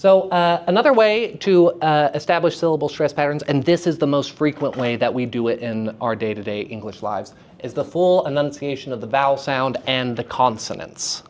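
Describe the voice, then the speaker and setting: A man teaching a room of young actors, talking at a middle pitch. He stays energetic and keeps checking in with "right?" and "okay?". He says example sentences over again to show where the stress falls. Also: normal speed, few pauses. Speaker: theater lecturer. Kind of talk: classroom lecture to students.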